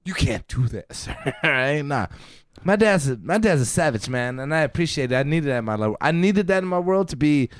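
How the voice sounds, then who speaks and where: A man's voice: on the high side, animated, a little fast, hardly any pauses, no echo, studio quality. A man co-hosting a podcast, telling a long casual story full of swearing, laughs and acted-out quotes. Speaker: podcast co-host.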